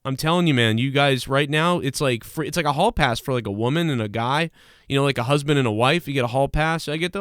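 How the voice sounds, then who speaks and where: A man's voice: medium pitch, fast talker, a bit bright, clean tone, dry recording, studio quality. A man hosting a live talk show, ranting crudely and mimicking voices as he tells stories. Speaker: podcast host. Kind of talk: casual talk show banter.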